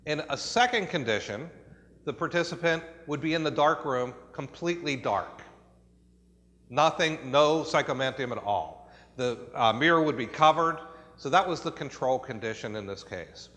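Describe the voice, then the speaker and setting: A man's voice: mid-range voice, animated, moderate pace, pushed and bright. A man with an American accent presenting research at a conference, explaining the procedure step by step with frequent fillers and restarts. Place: conference hall. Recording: long hall reverb.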